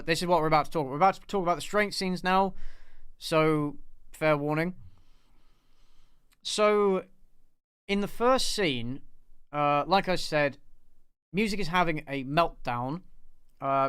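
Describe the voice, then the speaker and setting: A man's voice: on the high side, a bit bright, smooth, dry recording. Casual man hosting a review stream. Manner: casual, rambling with fillers and swearing. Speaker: channel host. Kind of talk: live review discussion.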